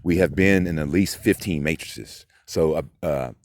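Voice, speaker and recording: A man's voice: a bass voice, moderate pace, a little hiss or hum. A man in a rambling, profane monologue to camera, agitated and full of fillers. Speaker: vlogger.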